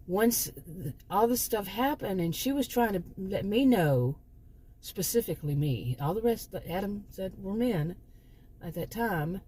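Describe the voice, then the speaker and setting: A woman with a lowish, mellow voice, recorded with a slight hiss or hum, hosts her own channel. She's a former sociology teacher telling a personal story in a casual, chatty monologue that rambles and often restarts.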